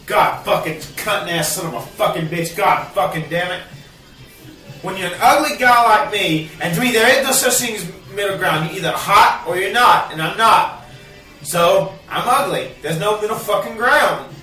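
A man ranting to the camera at home in a bitter, profane vlog, now and then bursting into shouts. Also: high-pitched, expressive, moderate pace, reverberant, far from the mic, soft background music. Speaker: vlogger. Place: cluttered home, indoors.

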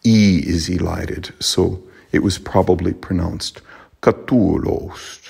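Male teacher, low husky gravelly voice, slow thoughtful lesson delivery. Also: level tone, a little mellow. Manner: unhurried, thoughtful, many fillers and restarts. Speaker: Latin teacher. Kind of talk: spoken lesson on pronunciation and meter.

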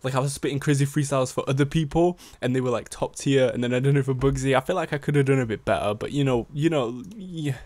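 A man's voice: medium pitch, quick pace, few pauses, darkish tone, dry recording. A young man from Sheffield with a Sheffield accent, rambling casually in slangy, self-deprecating vlog chat. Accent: Sheffield English. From Sheffield, England. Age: young adult. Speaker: rapper and music producer.

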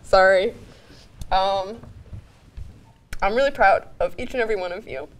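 A woman's voice: mid-range voice, normal speed, rough recording. A young woman producing a student TV show, giving a rambling farewell speech while crying, apologizing and laughing through tears, with many ums. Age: young adult.

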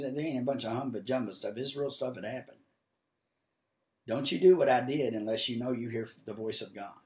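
A male preacher streams live from a home office. His voice carries a noticeable room echo. He tells folksy stories and keeps climbing into loud, ringing exhortation. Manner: folksy storytelling, builds to high, loud exhortation. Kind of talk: sermon with acted-out storytelling. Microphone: livestream camera mic.

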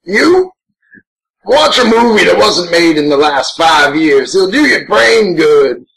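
A man's voice: sits high, sing-song, takes it slowly, gravelly, crowd noise, full character voice, rough recording. A man voicing a gigantic, grouchy green monster as co-host of a crude, rambling in-character watch-along commentary. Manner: crude, brash and rambling, swears a lot.

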